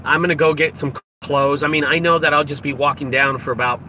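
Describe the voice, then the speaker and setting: A middle-aged man rambles in a casual live-stream chat and speaks straight to his viewers. His voice sits a bit high and sounds bright and forceful. He records outdoors on a handheld phone, with faint traffic hum behind him. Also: flat delivery, fast talker. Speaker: junk removal business owner streaming live. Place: outdoors beside a dumpster.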